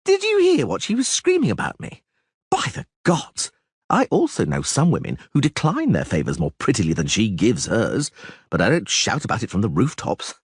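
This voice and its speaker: A man voicing a vain, flamboyant young bard who talks excitably and dramatically in an audiobook. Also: medium pitch, moderate pace, husky, no echo, studio quality, heavily acted. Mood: excitable flamboyant. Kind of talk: audiobook character voice.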